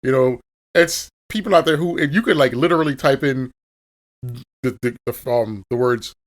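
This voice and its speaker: A man's voice: medium pitch, normal speed. A man co-hosting a casual podcast, talking in an emphatic, profane and sarcastic way. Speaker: podcast co-host.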